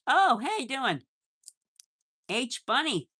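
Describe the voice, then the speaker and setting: A woman's voice: high-pitched, very animated, slow pace, bright, forceful tone, slightly rough. A woman hosting a casual live stream from home on her phone, chatting with viewers and cooing at her pets. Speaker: pet channel host.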